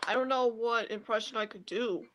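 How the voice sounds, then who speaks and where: A woman in casual chat, excitable yet hesitant, thinking out loud. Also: a little high, moderate pace, a crowd in the background. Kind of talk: casual chat, playful skits.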